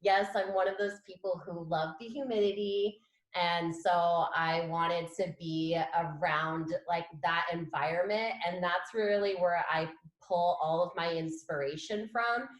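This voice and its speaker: Slow-talking woman guest in an echoey room. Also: fairly low pitch, steady tone. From San Diego, California. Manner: slow, laughing, enthusiastic. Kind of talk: casual chat.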